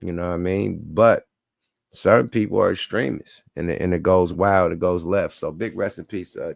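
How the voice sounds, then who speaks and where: Gravelly man hosting a loose livestream. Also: low-pitched, no room sound, studio quality. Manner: loose, profane, laughing banter. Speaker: livestream show host. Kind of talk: casual livestream chat.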